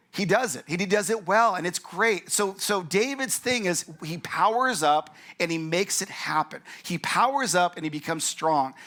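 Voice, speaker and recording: A man's voice: high-pitched, bright, forceful tone. A man preaching a casual, conversational sermon as pastor, joking as he goes. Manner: joking and conversational, acts out characters' lines.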